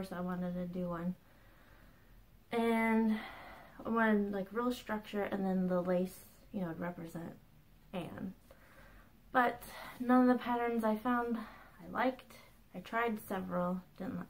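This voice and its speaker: A woman in her thirties talks to the camera in a relaxed, chatty way, like a craft podcast host catching her viewers up. Her delivery is bubbly and full of small laughs and quick asides, and her pitch sits in an ordinary middle range for a woman. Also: low-quality recording. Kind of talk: casual chat.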